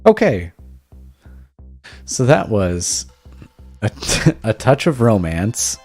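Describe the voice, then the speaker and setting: Wry, low-voiced male game streamer. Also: big pitch swings, slow, a little mellow, husky, faint music behind. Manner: wry, amused. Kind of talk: game commentary.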